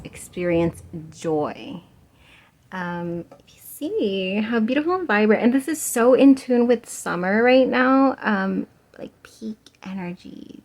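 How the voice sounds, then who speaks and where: A woman's voice: medium pitch, a little mellow. A young woman giving a casual pick-a-card tarot reading, chatty and giggly with many fillers and laughs. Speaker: tarot reader.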